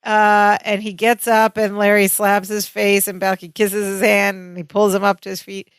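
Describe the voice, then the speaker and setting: A woman at a middle pitch walks through a sitcom scene with her co-host, reading out the dialogue and cutting in quickly with comments. Her voice is recorded dry and close. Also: flat delivery, smooth, no echo. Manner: reads out quoted dialogue, chimes in quickly. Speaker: podcast co-host. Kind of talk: casual chat recapping a sitcom episode.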